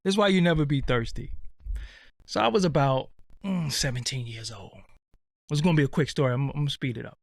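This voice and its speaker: A man's voice: medium pitch, brisk, gravelly, no room sound, clean studio sound. A man telling a comedic story in blunt, streetwise talk full of swearing. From Brooklyn, New York. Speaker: show host.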